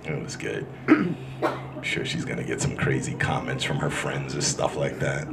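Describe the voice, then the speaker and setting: A man doing a stand-up comedy set in a club, loud and crude, working the crowd as he tells stories. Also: a bass voice, a little slow, vocal fry. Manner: loud, crude, animated storytelling with crowd work. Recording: live club recording with room noise.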